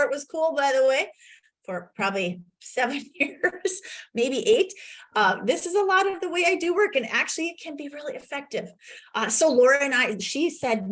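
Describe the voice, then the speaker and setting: This is a woman coach leading a virtual conference session. She tells client stories with energy and acts out their lines, her voice sitting a little high. The sound is that of a video call mic. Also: expressive, moderate pace, a bit bright.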